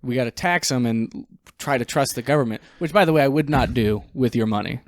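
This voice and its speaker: A man's voice: mid-range voice, brisk, no room sound, clean studio sound. A man co-hosting a podcast, talking things through in a casual, reasoned way and swearing in passing. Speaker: podcast co-host. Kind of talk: casual chat.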